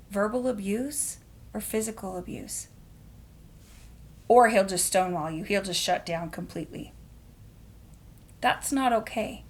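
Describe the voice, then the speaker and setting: Chatty woman podcast host. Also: medium pitch. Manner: animated, laughs often, acts out quoted voices. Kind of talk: casual storytelling monologue.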